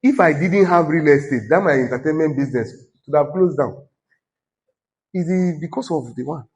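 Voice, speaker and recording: A man's voice: a little high, moderate pace. Nigerian male pastor, conversational sermon voice that prods and teases the congregation. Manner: exhorting, conversational, teasing the congregation.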